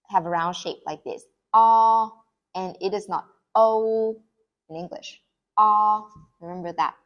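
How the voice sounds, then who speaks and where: A young woman with a Vietnamese accent teaching a pronunciation lesson, repeating each sound slowly and clearly so the listener can say it along. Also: on the low side, fairly bright tone, highs cut off. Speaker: language tutor.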